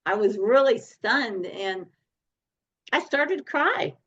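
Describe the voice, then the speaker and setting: A woman guest telling her story in a podcast interview, animated and laughing often. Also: on the high side, slow pace, highs cut off. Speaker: guest speaker and coach.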